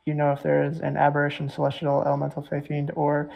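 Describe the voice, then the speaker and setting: A game master narrating a tabletop game, halting and full of fillers as they describe the scene and rule on spells. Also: mid-range voice, monotone, vocal fry, highs cut off.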